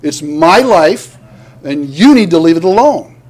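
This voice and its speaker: A man's voice: on the high side, lively intonation, unhurried, darkish tone, rough recording. A man voicing a defensive churchgoer with a Southern US accent who wants to be left alone, speaking bluntly and dismissively.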